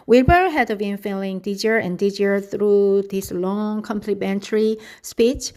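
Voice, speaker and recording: A woman's voice: mid-range voice, unhurried, hardly any pauses, darkish tone, clean tone. Woman reading a children's storybook.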